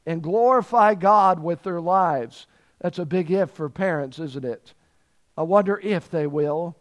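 A pastor preaches a sermon in a slightly high, somewhat slow voice. He repeats key phrases for emphasis and reads scripture aloud in old-fashioned wording.

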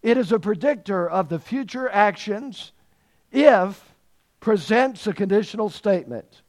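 A man's voice: high voice, expressive, moderate pace. A man preaching a sermon, repeating key phrases for emphasis and reading scripture aloud in old-fashioned wording. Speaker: pastor.

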